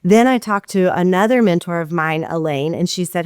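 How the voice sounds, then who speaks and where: A middle-aged woman, an author, speaking as a guest on a podcast with earnest, measured storytelling. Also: fairly low pitch, smooth, no echo, clean studio sound. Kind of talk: conversational interview.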